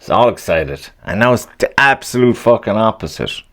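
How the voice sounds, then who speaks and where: A deep-voiced man hosts a solo podcast in a loose, rambling rant. He swears constantly, grumbles with open annoyance, and chuckles at his own jokes between thoughts. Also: expressive, normal speed, fairly bright tone. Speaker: podcast host.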